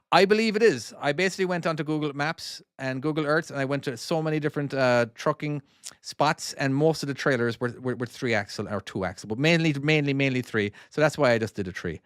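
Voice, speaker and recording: A man's voice: on the high side, a bit bright, clean tone, dry recording. Chatty Cork Irish man, dry sound. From Ireland (Cork). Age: 40s. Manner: rambling, repeats and restarts words, chatty and self-deprecating. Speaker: indie game developer and streamer. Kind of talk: casual livestream chat while playing and reading comments.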